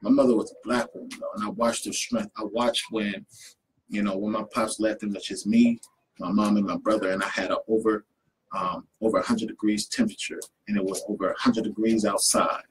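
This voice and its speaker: A young man with a low voice tells stories in a relaxed conversation, jumping into other people's voices as he quotes them. There's a faint hum of noise behind him. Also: brisk, low-quality recording. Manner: animated storyteller who acts out quotes. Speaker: poet and youth program leader. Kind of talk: casual conversation, storytelling.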